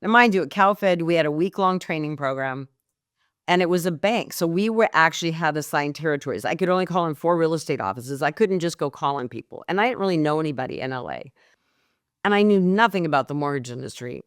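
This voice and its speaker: A middle-aged woman, a mortgage coach, telling a candid, lively story as a podcast guest. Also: low-pitched, fast, no echo, studio quality.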